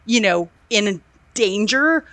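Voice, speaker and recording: A woman's voice: mid-range voice, slow, no echo. Indignant woman ranting on a podcast. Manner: animated, indignant, acts out quotes in lively voices. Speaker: podcast co-host. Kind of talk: casual movie review chat. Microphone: remote call.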